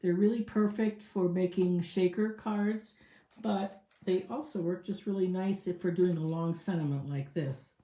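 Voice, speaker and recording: A woman with a fairly low voice walks through a craft project in a relaxed tutorial. She chats and thinks aloud as she works, and her voice carries some echo from the room. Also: a little slow. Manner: chatty, thinking aloud with fillers. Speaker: crafting demonstrator.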